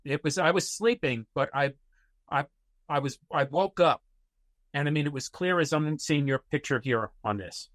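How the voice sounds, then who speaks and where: A man's voice: on the high side, normal speed, fairly bright tone, no room sound. A man guest on a podcast, telling personal stories in a rambling way with many fillers and restarts. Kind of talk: casual interview storytelling.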